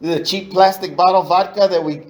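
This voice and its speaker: Middle-aged man from East Los Angeles, slightly high voice, candid recovery-meeting storyteller. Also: steady tone, moderate pace, rough recording. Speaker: AA meeting speaker.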